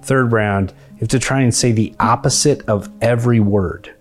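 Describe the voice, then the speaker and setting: A man's voice: mid-range voice, normal speed, faint music behind. A man hosting a comedy podcast, talking casually and rambling through the show's games. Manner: chatty, rambling, hesitant with restarts. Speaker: podcast host.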